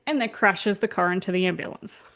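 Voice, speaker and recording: A woman's voice: medium pitch, a little fast, a bit bright. A woman hosting a podcast, telling stories in a casual chat full of fillers. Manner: storytelling with fillers and laughs. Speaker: podcast host.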